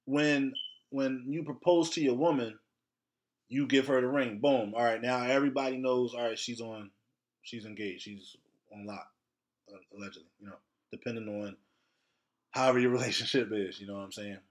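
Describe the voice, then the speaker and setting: A man's voice: medium pitch, fairly even intonation, moderate pace. A man hosting a solo podcast, lecturing his listeners in a blunt, heavily profane rant. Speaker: podcast host.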